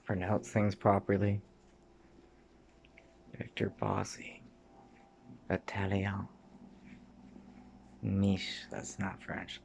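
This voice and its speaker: A Canadian man in his thirties speaks in a slow, unhurried ramble that drifts from memory to memory. His voice sits low and carries a rough, creaky edge. He swears freely and now and then sinks into a near-whispered mutter. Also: level tone, a little mellow, lo-fi sound, slight background noise. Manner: sometimes drops to a mutter or whisper. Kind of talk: rambling personal monologue.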